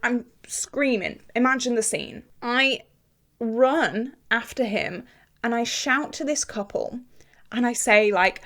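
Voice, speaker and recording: A young woman chatting casually to the camera while doing her makeup, telling a story in an animated, exclamatory way. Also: fairly high pitch, unhurried. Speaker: beauty vlogger.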